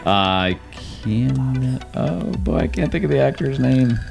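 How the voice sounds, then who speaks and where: A man's voice: medium pitch, expressive, measured pace, vocal fry, a little mellow, faint music behind. A man playing along as a quiz contestant, laid-back and self-deprecating in casual banter.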